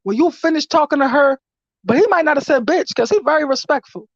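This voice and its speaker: A woman with a high voice tells a story as a casual, animated and profane vlog rant. Her voice is recorded dry, with a dull lo-fi sound. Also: a little fast, no echo. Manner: animated, profane, laughing through retelling. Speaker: vlogger.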